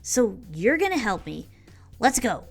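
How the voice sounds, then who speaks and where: A woman's voice: a little high, very animated, measured pace, creaky, slightly rough, soft background music, voice pushed up, exaggerated voice. A woman voicing a bratty, feisty child in a video game who talks bluntly and stammers. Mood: eager. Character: bratty, feisty young child fighter in training.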